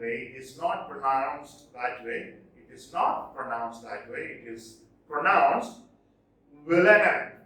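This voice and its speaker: A male teacher lectures at a deliberate, unhurried pace, his voice rising and falling with lively emphasis. He often repeats the key words. The sound is distant and heavily reverberant, as if captured from across a bare classroom. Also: fairly high pitch. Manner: slow, explanatory, repeats key points, emphatic stresses. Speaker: English literature teacher. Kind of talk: recorded lecture. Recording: very echoey room, mic at a distance.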